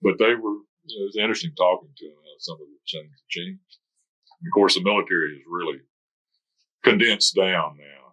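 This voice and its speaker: Deep-voiced older man telling stories. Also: fairly quick, pushed and bright, muffled recording. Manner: rambling anecdotal storytelling. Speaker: interviewee, retired military veteran. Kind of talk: oral history interview.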